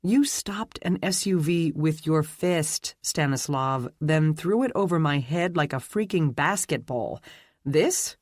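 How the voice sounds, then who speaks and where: A man's voice: a little high, lively intonation, slow, dry recording, clean studio sound. A male audiobook narrator voicing a shy but bold young woman who teases and scolds. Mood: exasperated, teasing. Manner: teasing, exasperated.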